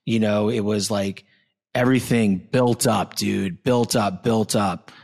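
A man in his thirties, from Florida, hosting a casual interview chat, blunt and excitable, swearing freely and calling his guest "dude". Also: fairly low pitch, measured pace, vocal fry. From Southwest Florida. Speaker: podcast host.

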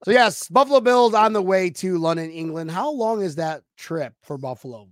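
A man co-hosting a casual sports podcast, loud and joking, swinging between shouting and mumbling. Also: high-pitched, expressive, normal speed, no echo. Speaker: podcast co-host.

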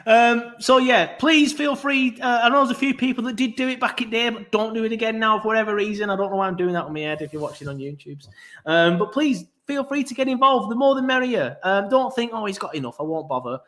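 A man's voice: very high-pitched, steady tone, fairly quick, a bit bright. A man hosting a casual football podcast, rambling with asides. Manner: rambling, full of ums and asides. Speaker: podcast host.

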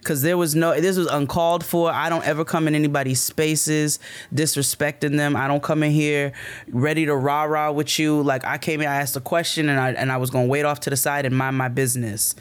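A man telling a story in casual chat, animated and emphatic, swearing freely. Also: fairly high pitch, fairly quick, clear, resonant tone. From United States.

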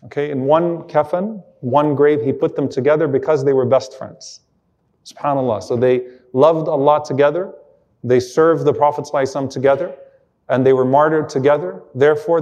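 A man's voice: mid-range voice, a little mellow. Earnest male Islamic lecturer. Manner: earnest, emotional retelling with Arabic quotations. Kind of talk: sermon-style storytelling lecture.

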